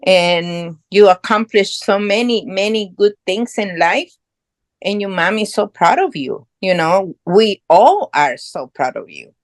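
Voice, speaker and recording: Middle-aged woman, unhurried earnest storytelling, dry close sound. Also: mid-range voice, animated, dry recording. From Guatemala. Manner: earnest, proud, non-native English phrasing. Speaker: guest. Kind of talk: casual conversational storytelling.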